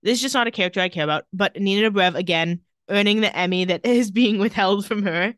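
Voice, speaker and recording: With a fairly bright, medium-pitched voice and a quick pace, a woman recaps a TV episode on the podcast she co-hosts, mixing quoted dialogue with dry asides in casual chat. There's no echo.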